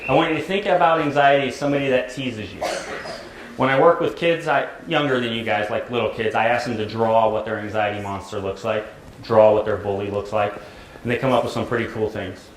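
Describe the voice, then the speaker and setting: A man's voice: fairly low pitch, fairly even intonation, fairly quick, a little hiss or hum. Joking middle-aged man in a roomy hall. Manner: conversational, jokey, keeps asking "right?". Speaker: therapist giving a school talk. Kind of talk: presentation to high school students. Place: large echoey school hall. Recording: roomy hall with faint ambience.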